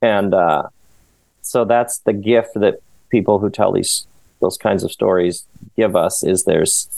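A man talking as a podcast guest, rambling and animated, often laughing as he goes. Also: sits low, a little slow, creaky, no echo. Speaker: author and guest. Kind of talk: casual podcast conversation.

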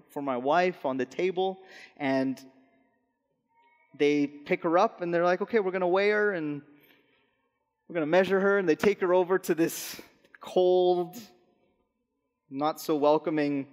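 A young adult man preaching a sermon as pastor, earnest and slowing softly on key phrases. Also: on the high side. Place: church hall. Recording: long reverb in a large hall.

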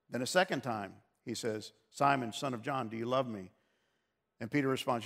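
A man's voice: medium pitch, brisk, gravelly, a bit bright. A male pastor giving an earnest, conversational sermon, often repeating words as he explains scripture.

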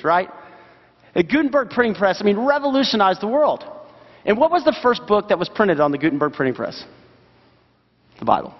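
Pastor guy preaching, earnest, lots of questions to the crowd, dull muffled sound. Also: sits high. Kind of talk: sermon. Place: church sanctuary. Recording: dull sound, long hall reverb.

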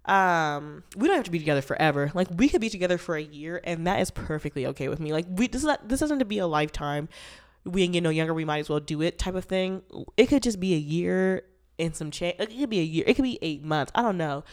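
A young woman hosts her own podcast solo, talking candidly and playfully. Her voice sits a bit low for a woman. A stuffy nose from allergies colors her speech. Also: animated, fast talker. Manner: chatty, candid and playful, with bursts of loud laughter and sung lines. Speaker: podcast host. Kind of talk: casual solo podcast chat.

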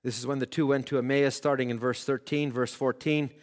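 A man preaching a sermon, moving between loud exhortation and quiet scripture reading. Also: mid-range voice, level tone, fairly quick, long reverb tail.

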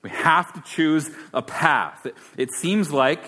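A man's voice: fairly high pitch, slow pace, pushed and bright. A man preaching a sermon as pastor, conversational and then emphatic. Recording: long hall reverb.

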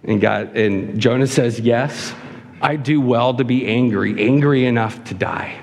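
A man preaching a sermon to a congregation, acting out whiny voices with a raised pitch. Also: unhurried, darkish tone. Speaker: pastor. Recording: long hall reverb.

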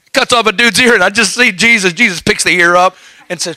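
Guy preaching, high bright voice, folksy storyteller, dry sound. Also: quick pace, dry recording, rough recording. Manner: folksy storytelling with lively asides. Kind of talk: sermon.

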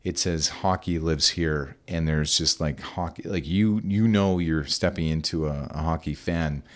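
A man's voice: extremely low pitch, a little slow. A middle-aged man hosting a podcast interview, speaking in a rambling, friendly way with many hesitations. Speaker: podcast host. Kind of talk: casual interview.

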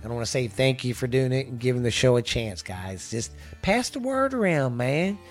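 A man's voice: medium pitch, very animated, normal speed, soft background music. A man from Texas hosting a casual podcast, rambling, swearing and restarting sentences. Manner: rambling, profane, restarts often. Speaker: podcast host.

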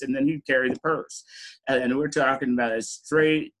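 A man's voice: medium pitch, fairly even intonation, normal speed, fairly bright tone, poor audio. A middle-aged man, an interview guest, telling personal stories in a candid way, laughing often and saying "you know" a lot. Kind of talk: reflective personal storytelling.

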